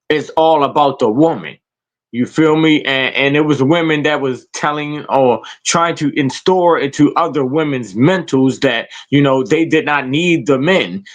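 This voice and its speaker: A man hosting a podcast, ranting in a profane, taunting way and firing rhetorical questions at his listeners. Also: mid-range voice. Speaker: podcast host. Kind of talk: confrontational rant.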